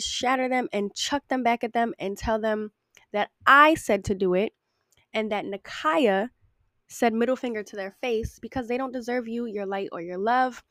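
A woman's voice: medium pitch, dry recording, studio quality. A woman of about twenty hosting a casual solo podcast, talking candidly and affectionately to her listeners, with frequent swearing. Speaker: podcast host. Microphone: podcast microphone.

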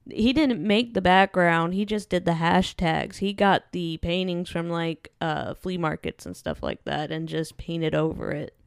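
A woman with a lowish, smooth voice chats through a movie review, agreeable and quick to chime in. Her voice sounds dry and close to the mic. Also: lively intonation, no echo. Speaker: podcast co-host. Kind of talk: casual movie review chat.

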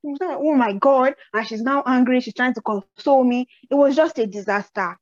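A young woman with a Nigerian accent hosting a podcast, telling personal stories in an animated way and acting out the people in them. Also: high-pitched, a little fast, no room sound. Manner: animated storyteller who acts out quotes. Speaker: podcast host. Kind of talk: casual chat, personal storytelling. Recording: slightly dull, dry audio.

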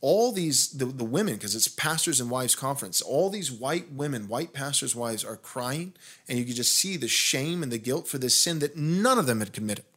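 In casual podcast conversation, a U.S. pastor speaks at normal speed in a mid-range voice with a breathy edge. His long, animated story heats up when he turns indignant, marked by frequent restarts.

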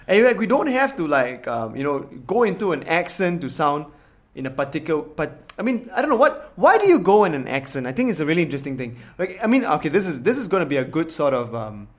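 A man from Singapore with a Singaporean English accent co-hosts a casual podcast chat, speaking fast in a slightly high voice. He's animated and candid, telling stories as he goes.

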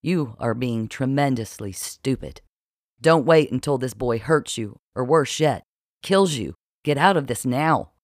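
Man playing a bossy, sarcastic middle-aged woman for an audiobook, forceful, dry recording. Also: medium pitch, expressive, unhurried, dry recording. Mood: scolding. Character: blunt, scolding middle-aged woman friend. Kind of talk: audiobook character voice.

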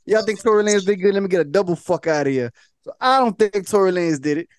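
A man's voice: high-pitched, fast, smooth, no room sound, clean studio sound. A man hosting a casual podcast chat, telling a story with lots of laughter and acted-out quotes. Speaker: podcast host.

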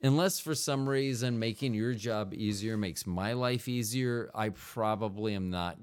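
A man's voice: fairly low pitch, measured pace, smooth. A man hosting a solo podcast in a rambling, digressive comedic monologue, full of fillers and playful mouth sound effects. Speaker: podcast host.

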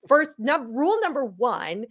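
A woman's voice: high voice, measured pace. A woman from Chicago, a podcast guest in a casual interview, talking animatedly and ranting with laughs. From Chicago, United States. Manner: animated, rants with rising indignation and laughs.

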